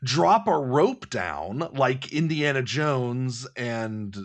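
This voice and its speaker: A man's voice: medium pitch, very slow. A man co-hosting a casual podcast about a tabletop game module, rambling and laughing often. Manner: rambling, animated, laughing a lot. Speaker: podcast co-host. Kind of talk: casual chat about a role-playing module.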